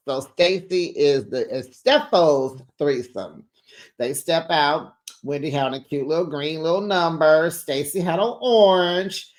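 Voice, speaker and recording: A woman hosting a casual recap, gossiping in a lively way, calling listeners honey and child, laughing often and acting out what others said. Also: low voice. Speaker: recap host.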